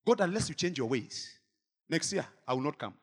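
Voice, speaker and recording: A male pastor preaching a sermon in church, swinging from shouted exhortation to quiet asides. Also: a little high, sing-song, brisk, husky, long reverb tail. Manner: dramatic, swings between shouting and murmuring asides.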